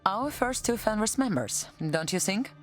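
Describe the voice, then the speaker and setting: A woman's voice: medium pitch, animated, moderate pace, loud music behind the voice, lightly acted. A woman playing a Russian-accented soldier heroine. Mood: determined. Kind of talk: video game cutscene acting.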